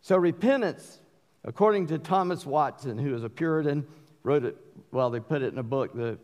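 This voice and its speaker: A middle-aged Southern man preaching in a large church, his fairly high voice carrying a long reverb tail around the hall. He swings from folksy, conversational asides to loud, emphatic bursts on key lines. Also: normal speed. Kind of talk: sermon.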